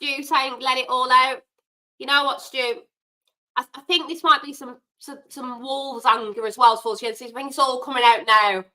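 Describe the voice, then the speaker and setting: A woman hosting a live football watchalong, reacting loudly and getting exasperated with the players. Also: high-pitched, a little fast, poor audio. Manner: animated, exasperated, shouts at players. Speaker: watchalong host.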